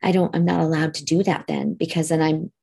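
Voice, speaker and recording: Lowish husky woman cohost, musing thoughtfully in casual chat. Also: flat delivery, fairly quick, dark tone. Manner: reflective, talks about energy and empathy. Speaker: podcast co-host.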